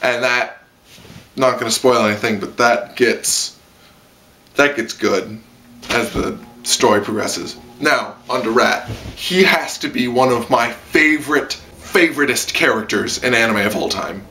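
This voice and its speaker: A young man giving a casual, rambling anime review from a room at home, excitable and full of "like" and squealed impressions. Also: mid-range voice, a little slow, a little hiss or hum. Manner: rambling, excitable, lots of "like" and squealed quoted voices.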